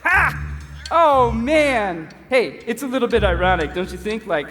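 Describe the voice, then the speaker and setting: A man's voice: very high-pitched, animated, a little slow, a bit bright, heavily acted. An actor playing a boastful, goofy barista who rambles and laughs at his own jokes in a live comedy sketch. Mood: bragging. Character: boastful goofy male barista know-it-all. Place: church hall before an audience. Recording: live hall reverb, faint music.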